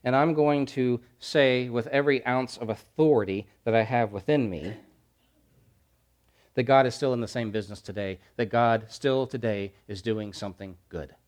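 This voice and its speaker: A man delivers a sermon from the pulpit, his mid-pitched voice swelling into loud, insistent repeated phrases. He then pulls back to hushed, slower lines for weight. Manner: preaching with swelling emphatic repetition and dramatic drops to quiet. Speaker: pastor.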